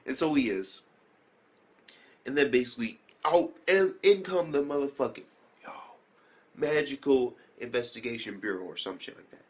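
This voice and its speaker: Husky, rambling young man recapping anime. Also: mid-range voice, animated, normal speed. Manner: rambling, profane slang, lots of fillers. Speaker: anime reviewer. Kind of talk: casual episode recap.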